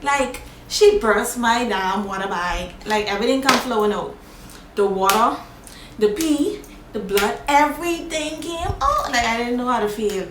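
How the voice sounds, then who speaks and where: A woman vlogger telling a personal story in a casual, animated, plain-spoken way. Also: on the high side, unhurried. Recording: echoey room, faint background noise.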